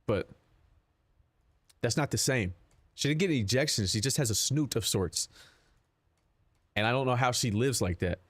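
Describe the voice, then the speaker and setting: A man's voice: medium pitch, expressive, normal speed, pauses often, no echo. A young man streaming live, chatting casually with his viewers in a rambling, profane, joking way. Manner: rambling, profane, jokey, answers chat.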